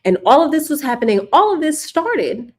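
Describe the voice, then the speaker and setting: A woman's voice: high-pitched, sing-song, normal speed, darkish tone. A woman hosting casual political commentary, sarcastic and emphatic, repeating her points for the viewers.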